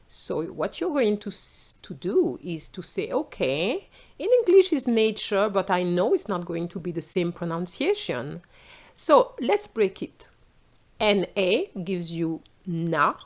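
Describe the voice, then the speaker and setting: Slow, deliberate French-accented woman teacher. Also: lowish voice. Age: middle-aged. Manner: deliberate, spells out letters and models words slowly. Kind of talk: pronunciation lesson.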